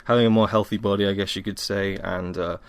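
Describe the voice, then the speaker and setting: A young Welshman hosts a casual solo podcast from home, rambling and poking fun at himself with lots of ums, worn out after a workout. His voice is lowish and fairly even in intonation, he talks fast, and there's no echo.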